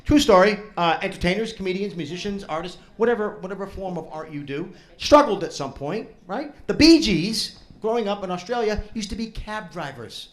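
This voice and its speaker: A man's voice: high voice, animated, fairly quick, hardly any pauses. A man doing a crude, teasing stand-up set with crowd work, with a hint of New in his speech. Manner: brash, crude, teasing the audience. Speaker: stand-up comedian. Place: comedy club stage before a laughing crowd.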